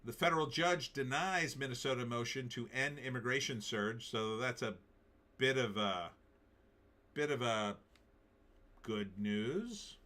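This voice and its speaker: A man's voice: mid-range voice, a little slow, pushed and bright. A man hosting a political commentary show, giving opinionated, emphatic takes and reading out viewer comments.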